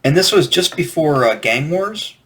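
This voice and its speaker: A man's voice: fairly high pitch, lively intonation, normal speed, sharp tone. Rambling man recalling childhood toys. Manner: rambling, self-correcting storytelling. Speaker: toy collector host. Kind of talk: casual reminiscing vlog.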